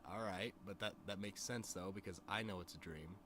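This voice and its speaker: Talking fairly quickly in a low voice over a noisy background, a man streams to his chat. This streamer and musician tells a rambling story in a casual, profane way, peppered with "you know what I mean."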